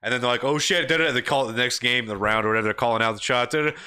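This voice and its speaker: A young man co-hosting a casual podcast, swearing freely, laughing often and acting out loud yelled quotes. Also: mid-range voice, rapid-fire, very noisy. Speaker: podcast host. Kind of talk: casual chat.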